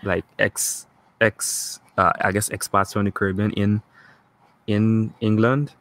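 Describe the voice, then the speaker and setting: A man from Guyana, co-hosting a casual online chat show in a relaxed way. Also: lowish voice, a little slow. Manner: relaxed, talks to viewers in the chat.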